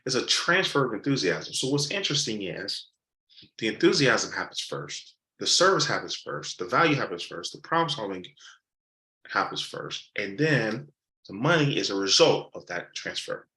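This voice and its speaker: An animated male sales coach with a lower voice that swings widely in pitch as he acts out customer conversations. His tone is bright and forceful, and he repeats key points for emphasis. The recording has a roomy echo. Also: normal speed. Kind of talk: live sales training session.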